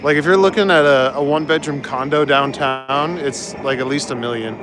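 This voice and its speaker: A young Canadian live streamer strolls through city streets, casually chatting and chuckling often as he reads out and answers his chat in a laid-back way. His voice is on the high side at a moderate pace, with a noisy background.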